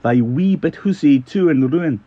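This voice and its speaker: Man doing scottish-accented farmer poet, gentle apologetic recitation, husky mellow voice, lo-fi sound. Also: a little high, expressive, pitched above the performer's own voice. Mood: reciting. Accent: put-on Scottish. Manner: slow, lilting poetry recitation.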